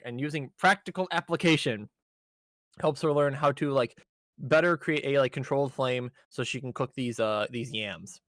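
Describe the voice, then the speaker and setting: A man's voice: mid-range voice, normal speed, fairly bright tone, no echo, studio quality. A man casually recapping an anime episode on a podcast, rambling with fillers and swearing. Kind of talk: casual chat.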